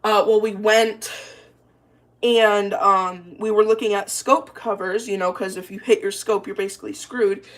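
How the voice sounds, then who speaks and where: A woman's voice: medium pitch, steady tone, measured pace. A young woman telling a story in a casual, rambling way, full of "like" and restarts, while cooking in her kitchen. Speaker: vlogger.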